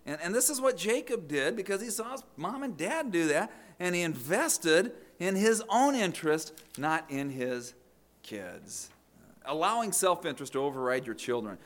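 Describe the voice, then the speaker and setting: A man's voice: on the high side, big pitch swings, normal speed, a bit bright. A middle-aged man preaching a sermon, telling family stories and often repeating words as he restarts a thought. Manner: storytelling with acted quotes, repeated words. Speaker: pastor.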